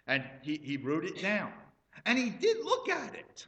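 A man's voice: high-pitched, big pitch swings, moderate pace, pushed and bright, echoey room. A male pastor preaching a sermon, telling folksy stories and asking the congregation questions.

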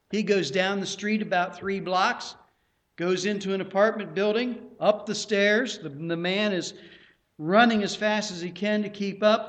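Male pastor, unhurried pulpit delivery, higher voice. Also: a bit bright. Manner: slow, unhurried preaching with pauses and restarts. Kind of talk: sermon.

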